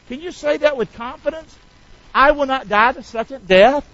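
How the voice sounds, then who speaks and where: A high-pitched man preaching to his church, calling out for the congregation to answer him back. He slides between folksy, slangy asides and solemn scripture. The sound is a little dull and lo-fi. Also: normal speed, pushed and bright, no echo. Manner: call-and-response preaching, asks the church to repeat lines. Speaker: pastor. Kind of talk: sermon.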